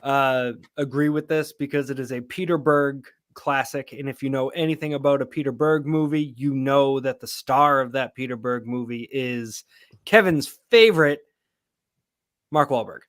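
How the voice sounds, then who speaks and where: A man's voice: mid-range voice, moderate pace, fairly bright tone. A man co-hosting a podcast, chatting casually, joking and swearing while giving strong opinions. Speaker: podcast co-host. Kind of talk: casual chat.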